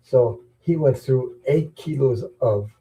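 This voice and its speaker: A man's voice: mid-range voice, takes it slowly, dark tone, poor audio. A middle-aged man chatting casually as host of a live stream, rambling and chuckling, often repeating words. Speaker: tarot channel host. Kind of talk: casual chat.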